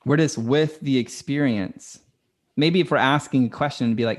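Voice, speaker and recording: A man with a voice of ordinary pitch speaks as a coaching guest on a podcast. His talk is casual and earnest, full of loose filler words. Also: moderate pace. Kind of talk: conversational podcast interview.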